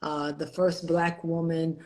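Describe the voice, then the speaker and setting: A woman's voice: low-pitched, level tone, slow, darkish tone, poor audio. A middle-aged woman co-hosting a live stream in casual chat, laughing often and talking with many fillers and restarts. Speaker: executive director and co-host. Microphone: video call.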